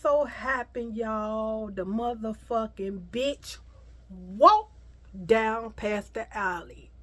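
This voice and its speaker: A woman's voice: a little high, drawn-out words, fairly bright tone. Woman telling a profane, dramatic story. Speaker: vlogger. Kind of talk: storytime vlog.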